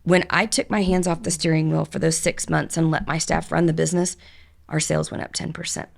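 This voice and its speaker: A middle-aged woman with a low, gravelly voice speaks as a podcast guest. She tells her story frankly, stringing thoughts together in long, open-hearted runs. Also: fairly even intonation, a little fast. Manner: frank and open, talks in long run-on stories. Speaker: podcast guest, business owner. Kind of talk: candid conversational storytelling.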